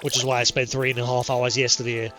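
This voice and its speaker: A man's voice: mid-range voice, little pitch movement, fast, music in the background. A man giving rambling, chatty commentary while streaming a game live. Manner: chatty, rambling, laughs easily.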